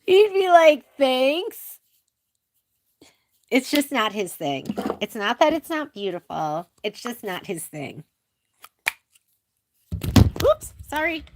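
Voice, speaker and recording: A woman's voice: on the high side, sing-song, slow, pauses often. A woman hosting a casual live sewing demonstration, chatting with viewers, answering their questions and laughing often. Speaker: sewing shop host. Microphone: handheld phone while filming.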